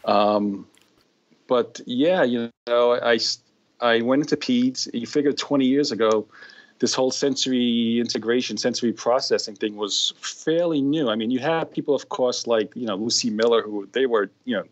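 A man's voice: mid-range voice, normal speed. Middle-aged New York man, podcast guest, loose rambling talk full of "you know", slightly dull lo-fi sound. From New York, USA. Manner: rambling, many fillers and restarts. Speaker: guest occupational therapist. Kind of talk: casual interview chat.

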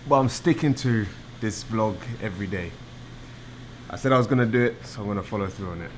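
A man's voice: lowish voice, a little fast, noisy background. A young man with a British accent, vlogging in a casual, chatty, joking way outdoors in a city to a handheld camera. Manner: relaxed, chatty, jokey. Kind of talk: casual vlog chat. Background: music playing.

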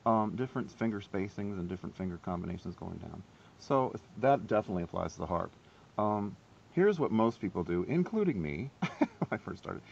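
A man giving a casual, self-deprecating harp lesson, chatty and quick to laugh at himself. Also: lowish voice, animated, gravelly, lo-fi sound, faint music behind. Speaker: harp teacher.

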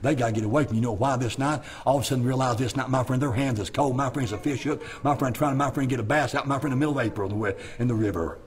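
A man's voice: medium pitch, very fast, few pauses. A middle-aged male pastor, preaching a folksy, rambling revival sermon in a church and repeating "my friend" and "bless God" throughout. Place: church sanctuary.

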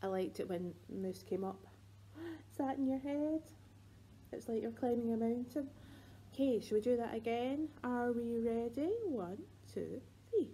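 A woman with a Scottish accent leading rhymes and songs for babies in a library, sing-song and playful with soft whispered asides. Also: a little high, lively intonation, unhurried, a little hiss or hum, rough recording. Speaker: children's librarian.

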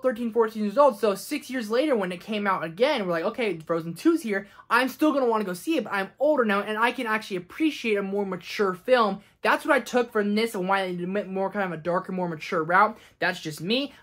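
A man's voice: high-pitched, brisk, hardly any pauses, fairly bright tone. Young man ranting about movies. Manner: enthusiastic and ranting, slips into quoted voices. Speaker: movie review vlogger. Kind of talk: casual movie ranking vlog.

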